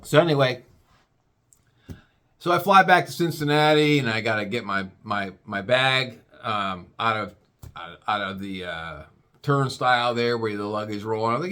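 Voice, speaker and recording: A man ranting casually and crudely, with lots of stammering restarts. His pitch leaps up and down as he talks. His voice sits in an ordinary middle register. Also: sing-song, moderate pace, a bit bright. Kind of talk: rambling comic rant.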